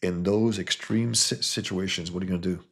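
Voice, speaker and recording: A man's voice: fairly even intonation, a little fast, a bit bright. A man, a comics creator, talking in a heated, blunt monologue and mocking other views. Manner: heated, blunt, mocks others with sudden high put-on voices. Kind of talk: casual opinionated monologue.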